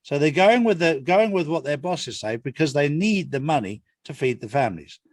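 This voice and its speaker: A man's voice: fairly high pitch, lively intonation, moderate pace, no echo, clean studio sound. An older retired Englishman giving an interview in a casual, earnest way, repeating his points for emphasis. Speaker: interview guest, author.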